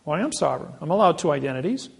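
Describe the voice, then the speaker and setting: Man, slightly high, gravelly voice; boastful storyteller, emphatic, stumbles and restarts often. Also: sing-song, rapid-fire. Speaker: speaker answering an audience.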